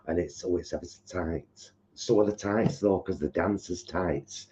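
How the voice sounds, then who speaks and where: A man's voice: sits low, normal speed, warm tone. A man, co-hosting a live kitchen stream and telling camp, gossipy stories. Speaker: co-host of a live cooking stream. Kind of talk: casual chat. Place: home kitchen. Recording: dull lo-fi sound.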